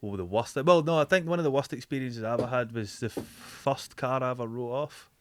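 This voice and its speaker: A man's voice: medium pitch, brisk, no room sound. A man hosting a podcast, explaining things in casual chat. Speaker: podcast host.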